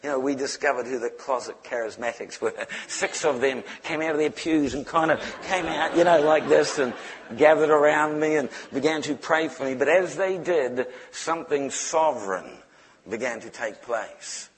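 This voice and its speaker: A man tells his testimony from the pulpit with animated, humorous storytelling. His voice sits a little high for a man. He moves between quiet, slow stretches and lively bursts. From New Zealand. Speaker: preacher. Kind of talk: testimony sermon.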